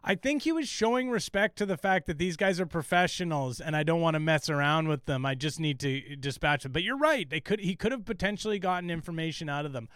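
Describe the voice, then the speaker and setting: A man co-hosts a casual podcast recapping a TV show, talking with enthusiasm and plenty of swearing. His voice sits a bit high and comes through smooth and clear. The sound is close and dry, with filler words scattered through his talk. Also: animated, fast, hardly any pauses, a bit bright, no echo. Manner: enthusiastic, profane, many fillers. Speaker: podcast co-host.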